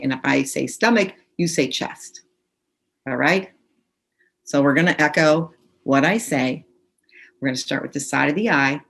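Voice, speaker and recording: A tapping practitioner's low, creaky voice comes through a computer mic on a video call as she guides a group at normal speed. She gives instructions and leads phrases for the group to repeat.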